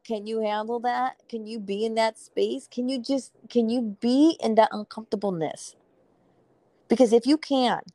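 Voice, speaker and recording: A woman's voice: medium pitch, dark tone, no echo. A woman speaking as a purpose coach in a casual podcast conversation, effusive and emphatic, swearing casually.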